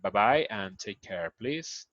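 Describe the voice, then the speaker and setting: A man with a Spanish accent, a native Spanish speaker teaching an English lesson. He explains slowly, repeats key phrases and acts out example lines. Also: fairly low pitch, lively intonation, a bit bright, dry recording. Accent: Mexican Spanish. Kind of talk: recorded online grammar lesson. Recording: dull lo-fi sound, dry.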